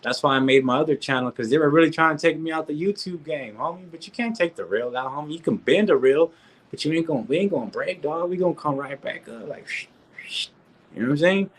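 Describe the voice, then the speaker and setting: This reaction streamer from California talks fast in a slightly high, expressive voice, ranting casually on a live stream. His speech is slangy and repetitive, full of street asides and sentence restarts, on low-quality audio.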